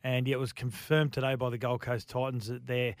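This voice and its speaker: A man's voice: medium pitch, flat delivery, fairly quick, dry recording, clean studio sound. A man with an Australian accent co-hosting a radio sports show, giving enthusiastic analysis in long explanatory runs. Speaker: radio sports co-host and former player.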